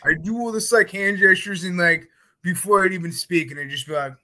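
A man chats loosely, piling up fillers as he spins rambling comic stories. His voice sits a bit high and sounds very bright and forward. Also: moderate pace, poor audio. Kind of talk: casual podcast chat.

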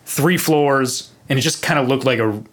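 A young man with a medium-pitched voice and normal speed shares a spooky tale on a podcast. He rambles and curses, stumbling through fillers and starting sentences over.

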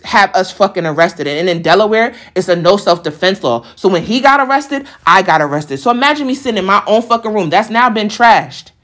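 A young woman telling a story in a casual, profane way, acting out the voices of the people in it. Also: medium pitch. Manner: animated, profane, acts out quoted voices.

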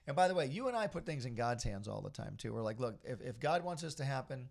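A man's voice: medium pitch, big pitch swings, fast, vocal fry. A middle-aged man hosting a casual podcast, talking in an upbeat, rambling, motivational way. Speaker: podcast host.

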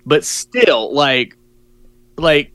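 A man co-hosting a horror movie review podcast, agreeable and halting, often repeating his words. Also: on the high side, sing-song, fairly bright tone, no echo. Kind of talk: casual podcast chat.

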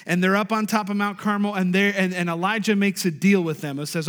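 A man preaching a sermon as a pastor, animated, with sudden loud, high bursts. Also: brisk, big-room sound. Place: church sanctuary.

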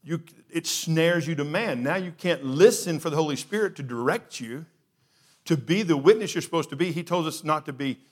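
A man's voice: a little high, expressive, moderate pace. A middle-aged man, preaching a sermon in a conversational, storytelling way, with frequent fillers.

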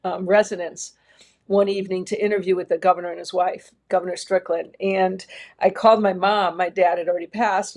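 A woman's voice: lowish voice, flat delivery, fairly quick, a little mellow. Earnest middle-aged woman telling her story. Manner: earnest, reflective, speaks in long winding sentences. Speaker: interview guest, education leader. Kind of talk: reflective personal storytelling in an interview.

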